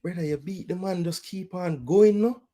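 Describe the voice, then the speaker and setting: A man with a Jamaican accent hosting a fan watch-along, reacting live to the match and yelling instructions at the players. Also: high voice, normal speed. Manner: swings between loud cries and muttered groans.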